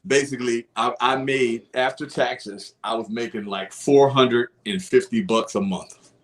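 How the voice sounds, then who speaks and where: A young adult man telling his own story in casual podcast talk, animated and profane. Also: medium pitch, unhurried.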